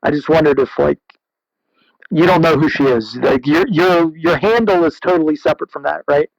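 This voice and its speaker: A man's voice: on the high side, normal speed, creaky, dry recording, low-quality recording. A man in a casual online chat, asking hesitant, curious questions with restarts.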